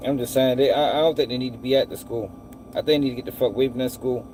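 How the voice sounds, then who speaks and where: A man's voice: mid-range voice, fairly even intonation, racing, background noise. A man giving blunt, profane casual commentary on a news story, calling his viewers y'all and speaking. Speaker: commentator reacting to news clips.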